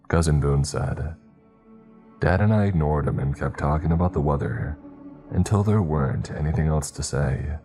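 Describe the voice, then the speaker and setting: Man, extremely deep voice, first-person horror narration, slow and grim, faint music underneath. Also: lively intonation, creaky, mellow.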